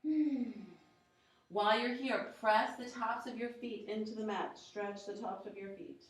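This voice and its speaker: A woman leading a yoga class, encouraging her students with steady step-by-step cues and countdowns. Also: medium pitch, moderate pace. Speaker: yoga instructor. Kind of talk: guided workout instruction. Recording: very echoey room, voice from far off.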